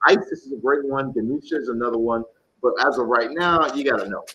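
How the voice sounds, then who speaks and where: A man's voice: mid-range voice, fast talker, fairly bright tone, highs cut off, slight background noise. A man giving live tarot readings to viewers, talking bluntly, animatedly and with casual swearing. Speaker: tarot reader.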